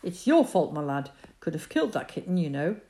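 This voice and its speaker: A woman's voice: low voice, big pitch swings, fairly quick, mellow. Woman putting on a blustering bossy dad. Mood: scolding. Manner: gruff, scolding, confident. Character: bossy blustering middle-aged father.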